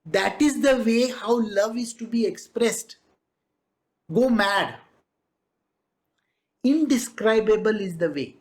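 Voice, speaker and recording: A spiritual teacher with an Indian English accent giving a devotional discourse in a lively, conversational way, often laughing, slipping in Hindi asides and acting out the people in the stories. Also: mid-range voice, slow, pauses often. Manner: animated, acts out quoted people.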